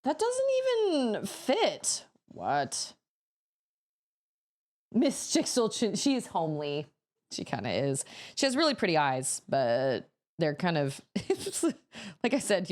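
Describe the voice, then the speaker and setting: A woman in her thirties chatting casually as a streamer, laughing often and breaking into sudden exclamations. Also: sits low. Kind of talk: casual chat while building.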